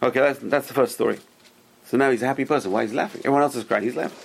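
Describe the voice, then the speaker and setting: A man's voice: mid-range voice, rapid-fire, gravelly, breathy edge. A man teaching a Torah class, retelling old stories with rhetorical questions and Hebrew terms mixed in.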